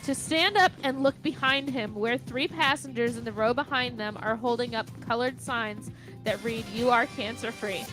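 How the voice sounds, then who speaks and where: A radio co-host with a high woman's voice reads a news item aloud, tripping over words and starting again. Music plays clearly behind her. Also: moderate pace, low-quality recording. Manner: stumbles and restarts while reading. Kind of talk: reading a news story aloud on a radio show.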